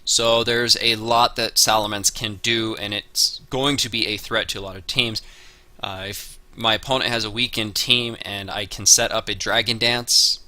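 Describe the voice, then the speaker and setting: Brief: man, low voice with a sharp, forceful edge, casual draft breakdown, fillers. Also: steady tone, moderate pace, no room sound. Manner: analytical, lists moves and stats, frequent "uh" and "um" fillers. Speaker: Pokemon draft league player.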